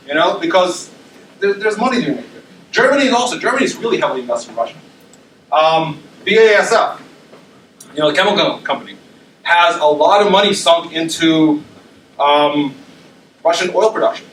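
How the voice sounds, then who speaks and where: A man's voice: a little high, lively intonation, fairly quick, long pauses, fairly bright tone, slight background noise. A male university lecturer giving a conversational presentation, dotted with ums and tag questions like "right?". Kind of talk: academic presentation. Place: lecture room. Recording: roomy echo, speaker far from mic.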